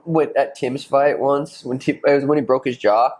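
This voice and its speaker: Young dude chatting loose on a podcast, swears a lot, mid pitch, easygoing. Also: male voice, steady tone, normal speed, a little mellow, low-quality recording. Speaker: podcast host, fighter. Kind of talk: casual chat.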